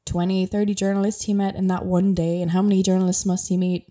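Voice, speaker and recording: Rambling through a casual chat full of fillers, this young woman from Ireland is a podcast host. She speaks quickly at a fairly low pitch, with a flat delivery and a dark tone.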